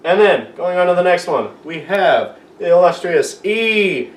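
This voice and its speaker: A man's voice: sits high, animated, measured pace. A man giving a casual, joking lesson on a made-up alphabet, rambling and poking fun at himself. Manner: rambling, self-mocking, playful. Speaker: amateur video teacher. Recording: roomy echo, far from the mic, faint room noise.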